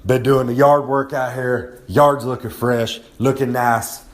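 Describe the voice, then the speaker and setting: A man's voice: medium pitch, fairly even intonation, measured pace. A man cutting a brash, boastful wrestling promo about himself in the third person, recorded on a phone held close to his face at home, sore and hungover. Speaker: wrestler with a regular podcast segment.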